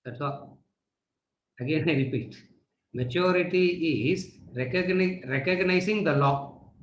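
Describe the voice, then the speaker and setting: A man's voice: fairly high pitch, a little slow, lo-fi sound. A man teaching a class, repeating rhetorical questions and then answering them himself. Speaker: spiritual teacher. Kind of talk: lecture to students. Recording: echoey room.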